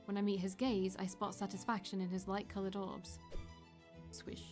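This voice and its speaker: A let's play streamer reads a fantasy visual novel aloud in steady first-person narration at a fairly quick pace, slipping in brief asides of her own. Her voice sits at a middle pitch, with faint game music playing underneath.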